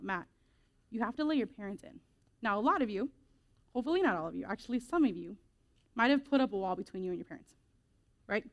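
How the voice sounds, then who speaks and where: A woman speaking to teenagers in a casual, lively youth group talk, reading scripture and acting out quick quoted voices. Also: fairly high pitch.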